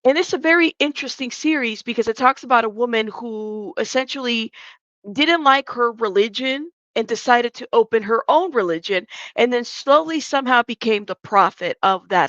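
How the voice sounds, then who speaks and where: A woman's voice: a little high, fairly bright tone, no room sound, lo-fi sound. Effusive woman greeting stream viewers. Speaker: live stream host. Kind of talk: casual live stream chat.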